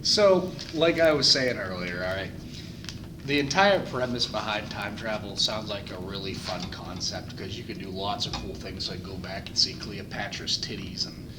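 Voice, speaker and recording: A man's voice: on the low side, normal speed. A young man, co-host of a casual chat, rambling with crude jokes and frequent restarts. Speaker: podcast co-host. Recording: echoey room with background noise.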